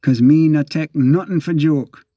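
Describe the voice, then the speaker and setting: A man's voice: fairly high pitch, a little slow, mellow, no room sound, close to an everyday voice. A man reading aloud and voicing a menacing gang enforcer, taunting and threatening.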